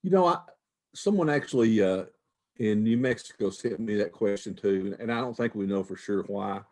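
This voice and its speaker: A man's voice: on the low side, moderate pace, a little mellow. An older man, a retired wildlife manager, answering questions in a folksy, conversational way with frequent restarts. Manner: folksy, repeats words, restarts phrases.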